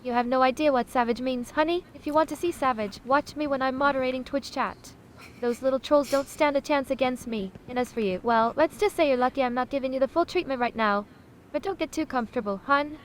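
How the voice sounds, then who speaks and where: A woman's voice: high-pitched, a little fast, slight background noise, lightly acted. A text-to-speech woman's voice playing a sassy, self-important AI chatbot that calls itself a sausage, haughty and condescending, calling people honey. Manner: haughty, dramatic, condescending, says honey a lot.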